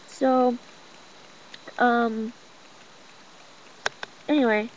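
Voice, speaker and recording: A woman's voice: fairly high pitch, moderate pace, darkish tone. Young woman gossiping profanely on a noisy webcam. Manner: rambling, profane and mocking, with many fillers. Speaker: vlogger. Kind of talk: casual gossip vlog. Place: room at home with a cousin talking nearby. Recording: noisy home webcam recording.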